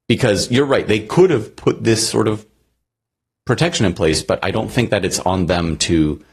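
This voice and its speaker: A man co-hosting a podcast chats casually in a low, slightly rough voice, rambling along with plenty of fillers.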